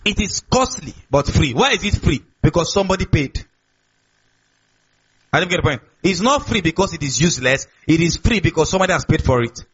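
A man's voice: fairly high pitch, animated, fairly quick, fairly bright tone, breathy edge. A man preaching a sermon as pastor, repeating key words and asking the congregation questions. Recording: dull lo-fi recording.

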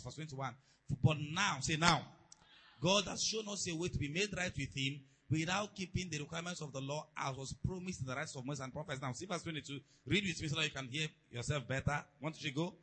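A man preaching a sermon to a church, calling out questions and leading the congregation in shouted declarations. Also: on the high side, breathy edge, rough recording. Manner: call-and-response, building to shouted declarations.

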